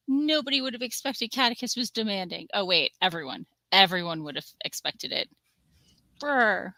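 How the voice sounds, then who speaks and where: A woman's voice: on the high side, animated, normal speed, sharp tone, dry recording. A woman hosting a casual livestream, talking in a chatty, rambling way and cooing at her cat now and then. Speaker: livestream host.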